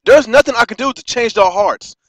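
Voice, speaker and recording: An American man delivering an impassioned vlog rant, halting and restarting often and swearing freely. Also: very high-pitched, expressive, fairly bright tone, no room sound. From United States. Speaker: vlogger.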